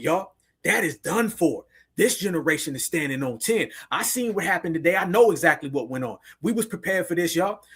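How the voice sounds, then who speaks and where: A man's voice: a little high, a bit bright, breathy edge. A man hosting a livestream, giving a fired-up, preachy rallying monologue full of repeated call-and-response phrases. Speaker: livestream host.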